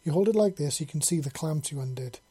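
A reader voicing a mischievous human man who calms his partners in a lifted, reassuring tone. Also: mid-range voice, fast, husky.

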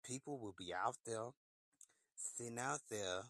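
A man talking in a casual solo rant, animated and slipping into shrill put-on voices for quotes. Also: measured pace. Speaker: podcast host.

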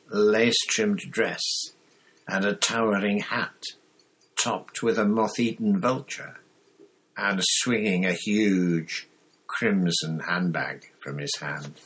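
A man narrating a storybook aloud at a slow, measured pace. His low voice has a husky, breathy grain. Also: fairly bright tone, poor audio. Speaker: audiobook narrator. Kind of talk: storybook reading.

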